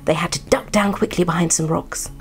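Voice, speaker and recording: A woman reads a bedtime story in a soft, gentle, lowish voice, sometimes sinking toward a whisper. Quiet music runs faintly in the background. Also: steady tone, a little fast.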